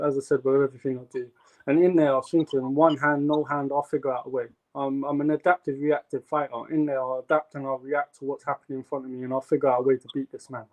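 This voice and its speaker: A man's voice: mid-range voice, low-quality recording. A young man, a guest boxer, tells stories in casual chat with many fillers. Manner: animated storytelling with many fillers.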